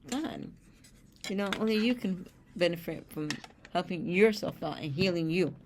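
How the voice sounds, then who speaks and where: Low gravelly New woman. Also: normal speed, background noise. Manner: blunt, streetwise, swears freely, reads card texts aloud. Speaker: spiritual show host reading oracle cards. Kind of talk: casual oracle card reading with personal asides.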